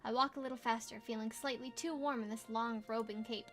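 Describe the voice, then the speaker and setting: A young woman reading a game's story aloud in a casual let's play, dropping playful asides. Her voice sits high. Faint background music plays. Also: fairly even intonation. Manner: playful, quick asides and exclamations. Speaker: gamer reading a visual novel aloud.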